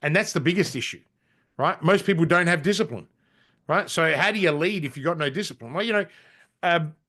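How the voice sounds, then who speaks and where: A man's voice: fairly high pitch, expressive, fairly quick, sharp tone. A middle-aged Australian man, a podcast guest, tells business stories bluntly and casually, with frequent swearing and restarts. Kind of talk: casual interview storytelling.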